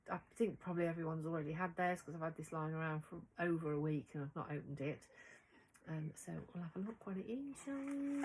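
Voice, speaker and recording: A woman's voice: mid-range voice, slight background noise, rough recording. A middle-aged woman chatting casually to camera about her sewing, bubbly and rambling. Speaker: sewing vlogger.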